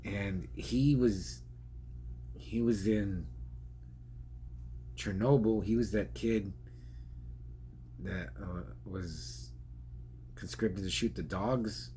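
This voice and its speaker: A man's voice: fairly low pitch, very slow, long pauses, dark tone, a little hiss or hum. A man giving a casual, rambling spoken film review, chatty and laughing often.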